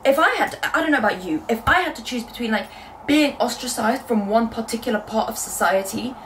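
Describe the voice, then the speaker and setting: A young woman from Britain chatting casually in a book vlog from her bedroom, telling stories in a lively, animated way. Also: on the high side, distant mic, a little hiss or hum, poor audio. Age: young adult. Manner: chatty, quick and animated storytelling. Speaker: book vlogger. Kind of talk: casual chat.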